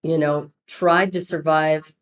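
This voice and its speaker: In a relaxed podcast interview, a woman who founded a business recounts how it started, speaking in a low voice at an unhurried pace. She's talkative and lively, performing the quoted lines as she goes.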